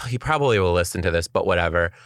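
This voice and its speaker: In a clean, echo-free studio recording, a young female podcast host with a bass voice talks fast while animatedly spinning a casual story. She voices other people's lines and swears without holding back.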